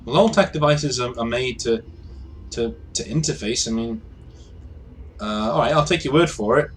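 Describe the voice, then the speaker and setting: A man's voice: medium pitch, moderate pace, a little hiss or hum, lightly acted. A man voicing a skeptical, tech-minded male ally who talks doubtfully and hesitantly.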